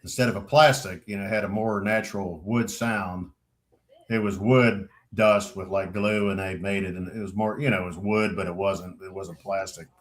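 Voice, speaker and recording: A middle-aged man telling casual stories on a veterans' chat show, acting out quotes loudly and swearing freely. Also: sits low, fairly even intonation, normal speed. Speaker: podcast co-host, veteran.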